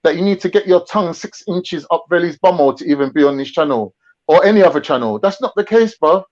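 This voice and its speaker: A man's voice: a little high, animated, fast. A young man, brash, taunting and swearing in casual online banter as a stream guest. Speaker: guest on a livestream. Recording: dull lo-fi stream audio.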